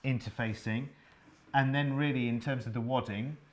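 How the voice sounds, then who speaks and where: A man's voice: medium pitch, fairly even intonation, normal speed. A man hosting a live studio sewing show, chatty and enthusiastic, asking his guest questions.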